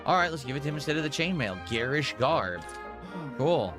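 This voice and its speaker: Brief: high, animated male streamer talking over loud game music, playing with a mock French accent. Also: a little fast. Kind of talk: casual gameplay commentary.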